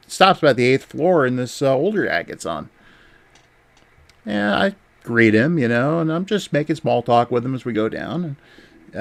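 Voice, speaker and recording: A man at a middle pitch hosts a casual livestream chat. He tells stories about his old job, laughs often and acts out the voices of the people in them. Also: vocal fry. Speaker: podcast host.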